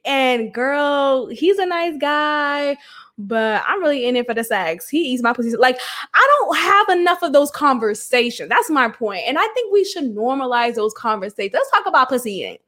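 A woman's voice: high voice, a bit bright. A young adult woman hosting a podcast, talking bluntly and frankly with swearing and laughs. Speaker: podcast host. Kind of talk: candid solo podcast talk.

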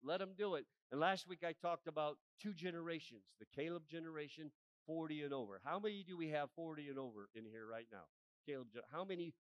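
A male pastor in his forties preaching a sermon, often asking the congregation for an amen and building to loud, emphatic peaks. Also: a little high, fairly quick, clear, resonant tone, no room sound, muffled recording. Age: 40s.

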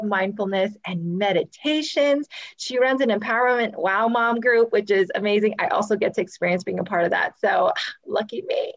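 A woman's voice: on the high side, muffled recording. A woman hosting a live podcast over a video call, gushing with effusive praise in casual chat. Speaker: podcast host.

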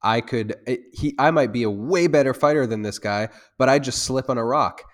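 A man who teaches self-defense, talking in a loose, rambling way with many restarts and fillers, and growing loud and heated when he makes a point. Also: medium pitch, normal speed. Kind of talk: conversational interview.

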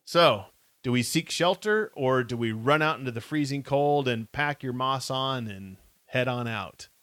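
A man's voice: medium pitch, unhurried, no echo. A man co-hosting a live stream, reading an adventure book aloud and asking viewers to choose. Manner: reads story passages aloud, quiet asides to viewers. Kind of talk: casual live-stream read-along.

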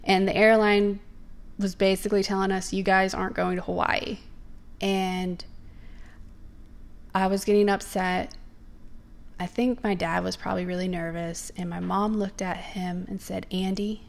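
A woman's voice: mid-range voice, little pitch movement, a little slow, creaky, pauses often. A young woman, telling personal faith stories in an earnest, emphatic way.

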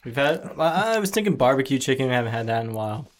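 A man's voice: mid-range voice, big pitch swings, racing. A man co-hosting a casual podcast, jokey and playful, swearing casually while eating pizza. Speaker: podcast co-host.

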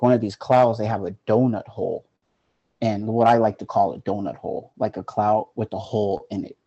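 A man's voice: lowish voice, mellow, highs cut off. A man telling a personal story in a loose, casual way, with lots of "like" fillers. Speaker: guest.

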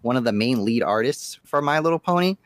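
A man's voice: mid-range voice, lively intonation, brisk, no room sound. Dry-sounding casual storyteller man. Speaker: podcast co-host. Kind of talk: casual chat.

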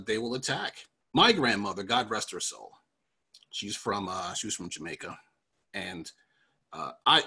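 A man's voice: mid-range voice, bright, forceful tone, husky. A man from New York hosting a casual political commentary podcast, joking and laughing often with rambling asides. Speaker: podcast host.

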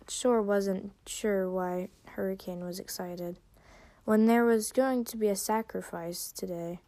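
Woman, podcast host, casual story reading, stumbles, self-corrects, throat clearing, mellow tone, mid pitch. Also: fairly even intonation, takes it slowly. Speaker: podcast host reading her own fan fiction.

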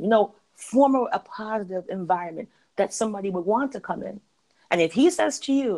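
A woman's voice: fairly high pitch, lively intonation, a little fast, a little mellow. A woman on a podcast, giving emphatic relationship advice in a casual, conversational way. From parents from Jamaica.

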